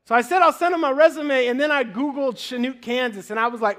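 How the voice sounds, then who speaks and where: A man preaching in a church, telling his story with animated swings from loud to low and quiet prayer. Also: quick pace, hardly any pauses. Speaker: guest preacher. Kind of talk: sermon testimony. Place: church sanctuary.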